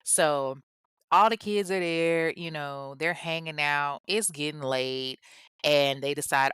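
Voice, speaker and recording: A woman's voice: low voice, measured pace, a bit bright, smooth, no room sound, clean studio sound. A woman hosting a true crime show, retelling a case in a conversational way full of asides. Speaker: host.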